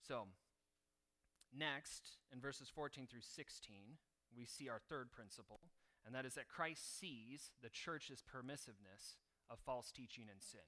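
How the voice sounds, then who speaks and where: Bright-voiced man preaching. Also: mid-range voice, unhurried. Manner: conversational preaching, reading a martyr account aloud. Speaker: pastor. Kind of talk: sermon.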